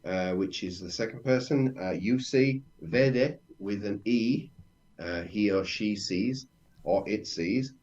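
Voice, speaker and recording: Podcast co-host, a man learning the language, low voice, muffled lo-fi recording. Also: takes it slowly, a little mellow. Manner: inquisitive learner, reading out phrases and checking pronunciation. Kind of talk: casual language podcast chat.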